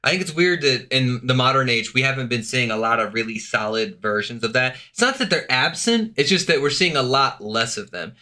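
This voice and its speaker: A man's voice: medium pitch, a little fast, hardly any pauses, bright, forceful tone. A young man reacting to a video on a live stream, chatting casually with lots of swearing, fillers and laughter. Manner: loose, profane, laughs often, lots of fillers.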